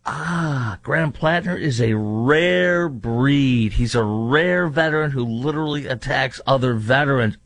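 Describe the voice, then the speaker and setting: A man's voice: mid-range voice, unhurried, dry recording. A man hosting a talk show, giving political commentary with sarcastic, mocking asides.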